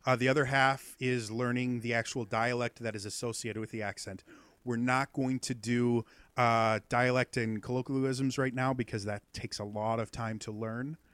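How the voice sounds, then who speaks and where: A man's voice: mid-range voice, fairly even intonation, moderate pace, fairly bright tone, smooth, dry recording. A man guesting on a podcast, explaining accents in a rambling, casual way full of ums and uhs.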